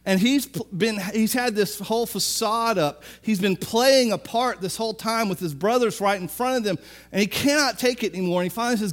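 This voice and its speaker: High-voiced man preaching an animated sermon. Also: normal speed. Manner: animated storytelling, acts out characters' lines.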